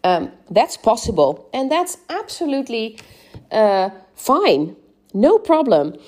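A woman with a high-ish, darkish voice and big pitch swings takes her time as she shares encouraging speaking tips. She's a podcast host and English speaking coach doing a solo advice talk, frequently saying "um" and asking "right?"

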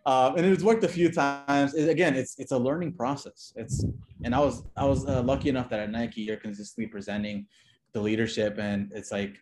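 A man talking as a guest in a relaxed interview, loose and conversational, with frequent fillers and restarts. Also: mid-range voice, fairly quick, noisy background. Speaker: designer and podcast guest. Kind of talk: casual interview chat.

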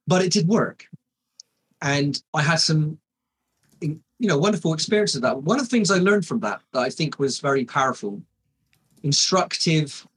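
A man's voice: a little high, fairly bright tone, breathy edge, low-quality recording. A man in his forties, a hypnotist, telling his story in a casual interview with many restarts and fillers. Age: 40s. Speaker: hypnotist guest.

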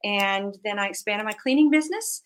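A woman in her forties, a guest and business owner, telling her story in an animated, faith-filled way and acting out voices as she goes. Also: mid-range voice, fairly quick. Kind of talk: conversational interview storytelling.

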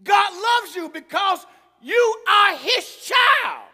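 A man preaching a sermon, shouting and emphatic, with a folksy manner. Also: extremely high pitch, animated, slow pace. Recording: long reverb of a large hall.

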